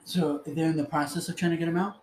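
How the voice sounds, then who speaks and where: A man's voice: fairly high pitch, fairly even intonation, fast talker, darkish tone. A young man chatting casually and laughing often, with a laid-back, profane manner full of filler words. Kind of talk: casual chat. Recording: echoey room with faint ambient noise.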